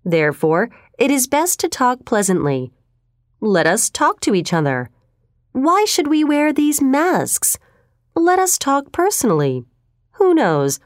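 A woman's voice: high-pitched, huge pitch swings, a little slow, no room sound, studio quality, voice pushed up, full character voice. A woman reading the part of a brooding, unsettling male customer who talks in a probing, intense way. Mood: musing. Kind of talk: storybook reading.

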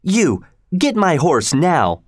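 A man's voice: high voice, very animated, moderate pace, dry recording, clean studio sound, voice pushed up. A man voicing a spoiled, haughty thirteen-year-old girl, demanding and imperious in a raised voice.

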